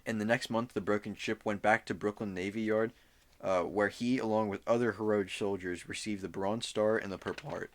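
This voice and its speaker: A man's voice: on the low side, steady tone, a little fast. A young man co-hosting a podcast, telling a story loosely in casual chat, with fillers and swearing. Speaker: podcast co-host.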